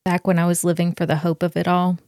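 A woman's voice: on the low side, completely flat delivery, fast talker, darkish tone, no echo. A woman co-hosting a casual book podcast, making dry, questioning asides. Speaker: podcast co-host.

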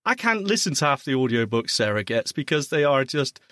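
A man co-hosting a tech podcast in casual chat, teasing and playful, quick to laugh. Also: medium pitch, big pitch swings, a bit bright, dry recording. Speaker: podcast co-host.

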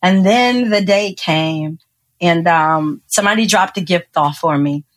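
A woman, a podcast guest telling a personal story with lively acted-out quotes and frequent laughter. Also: lowish voice, a little slow. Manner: animated storyteller, acts out quotes, laughs often. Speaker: podcast guest, engineer and speaker. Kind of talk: storytelling interview.

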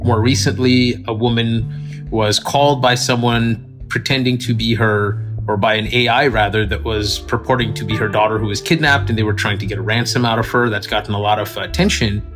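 A man's voice: on the low side, steady tone, brisk, over music. A man being interviewed as a technology expert, explaining things in a conversational way with some fillers. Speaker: tech company executive guest. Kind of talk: interview answers.

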